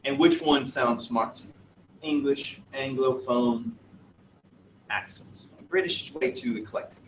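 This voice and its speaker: A man's voice: mid-range voice, measured pace, a little hiss or hum. Chatty male teacher in an echoey classroom. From United States. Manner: chatty, jokey, digressive. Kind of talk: classroom lecture. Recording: roomy classroom audio from a distant mic.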